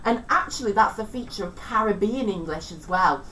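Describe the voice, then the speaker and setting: A woman's voice: mid-range voice, expressive, fairly quick, a bit bright, recorded from a distance, slight background noise, rough recording. A woman teaching a revision lesson in a chatty, self-deprecating way. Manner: chatty, self-deprecating, tries out regional accents.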